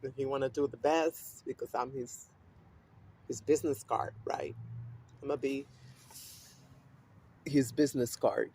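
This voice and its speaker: A man speaking in a loose, rambling monologue with a steady stream of fillers and swearing. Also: mid-range voice, unhurried, pauses often, a little hiss or hum. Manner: rambling, profane, with frequent fillers and laughs. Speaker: vlogger. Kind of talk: casual monologue.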